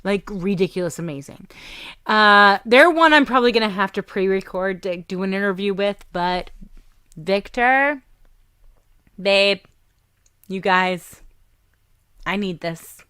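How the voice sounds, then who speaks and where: Southern lady hosting a radio show, chatty and gushing, bright voice, dry close sound. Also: mid-range voice, a little slow, pauses often, clear, resonant tone, no echo. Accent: Southern American. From Southern United States. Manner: chatty, gushing, laughs often. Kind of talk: casual radio show chat.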